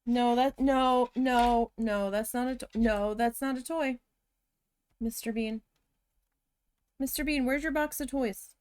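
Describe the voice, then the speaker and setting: A woman's voice: a little high, steady tone, slow, long pauses, a little mellow, clear, resonant tone, dry recording. Chatty woman telling stories while crafting. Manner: chatty storytelling, talks to her cat. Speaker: crafting vlogger. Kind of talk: casual chat while crafting.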